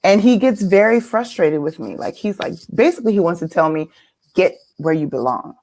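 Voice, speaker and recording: A woman's voice: mid-range voice, animated, fairly quick, darkish tone. A woman from California, telling a personal story as a guest speaker in a reflective, earnest way. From California, United States. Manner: reflective, earnest, with some laughter.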